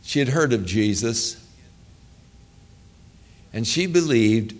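A man's voice: mid-range voice, expressive, slow, long pauses. A male pastor preaching a sermon, telling stories earnestly and with emphasis.

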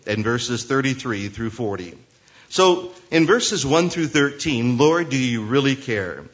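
A man's voice: medium pitch, a bit bright. Man preaching a sermon, muffled recording. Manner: preaching with Bible readings and rhetorical prayers. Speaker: pastor.

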